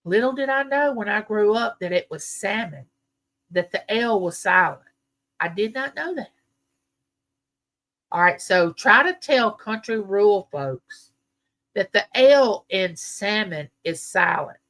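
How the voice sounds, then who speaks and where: A woman's voice: medium pitch, lively intonation, a little slow, a bit bright. A woman from the American South with a Southern US accent, hosting a casual live chat and telling rambling stories to her viewers. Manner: chatty, rambling storyteller. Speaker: livestream host.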